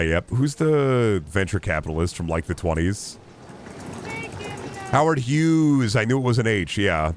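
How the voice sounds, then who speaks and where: A man's voice: deep voice, a little hiss or hum. A man streaming a video game, rambling and joking with lots of fillers. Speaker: gaming streamer. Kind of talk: casual live-stream commentary.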